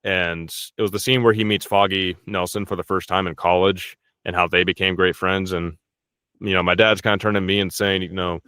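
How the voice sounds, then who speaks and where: A man's voice: sits low, flat delivery, a little fast, pushed and bright, clean tone, no echo, studio quality. A young man, a voice actor, chatting casually and jokingly in an interview, swearing freely. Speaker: voice actor guest.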